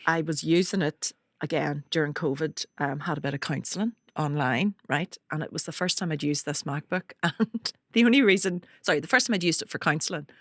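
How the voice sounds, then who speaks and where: A woman's voice: low-pitched, brisk, dry recording, studio quality. A woman hosting a comedy podcast, telling stories in a casual way and laughing as she talks. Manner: animated, laughs through her stories. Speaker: podcast host, stand-up comedian.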